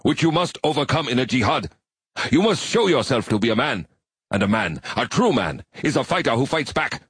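A man voicing an elderly male coin-operated machine priest who intones slowly, as if there were no rush. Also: fairly low pitch, huge pitch swings, slightly rough, dry recording, studio quality, exaggerated voice. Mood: stern. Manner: slow, unhurried intoning.

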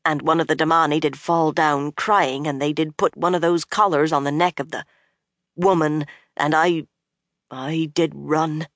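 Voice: medium pitch, fairly even intonation, unhurried, fairly bright tone, no room sound, clean studio sound. A narrator doing a shaken old-fashioned sea captain. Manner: old-fashioned country dialect with "did" forms; shaken and rueful. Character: gruff male sea captain, scared, speaking old dialect.

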